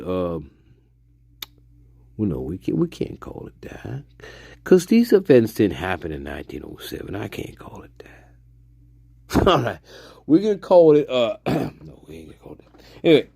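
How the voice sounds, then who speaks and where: A man's voice: deep voice, big pitch swings, unhurried, vocal fry, long pauses, a little mellow, slightly rough, no room sound, clean studio sound. A man hosting a live video, rambling in a loose monologue, swearing freely and chuckling as he trails off and restarts. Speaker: live stream host.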